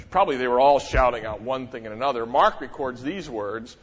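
A middle-aged man preaching a sermon as a pastor, talking in an animated way with many rhetorical questions and sudden emphasis. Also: medium pitch, moderate pace, few pauses. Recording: dull, echoey church hall.

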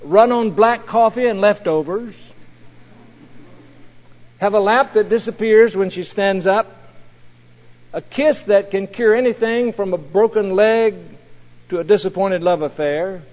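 A man's voice: high-pitched, a little slow, long pauses, pitched above the performer's own voice. A man voicing the Lord God as a proud, tender male creator, telling it earnestly within a sermon. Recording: dull recording in a reverberant hall.

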